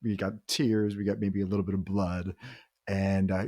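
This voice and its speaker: A man's voice: lowish voice, fairly even intonation, unhurried, mellow, no room sound, clean studio sound. A man hosting a podcast for fathers, talking casually and joking as he lays out everyday choices. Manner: joking, sets up scenarios as choices. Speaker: podcast host. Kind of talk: casual conversation on marriage and faith.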